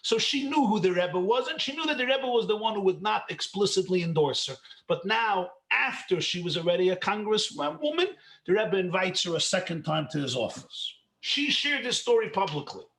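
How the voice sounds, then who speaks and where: A man's voice: high-pitched, animated, moderate pace, creaky, few pauses, fairly bright tone, reverberant. A man from New York, a rabbi, telling a story in a lecture with rhetorical questions and chuckles at his own jokes.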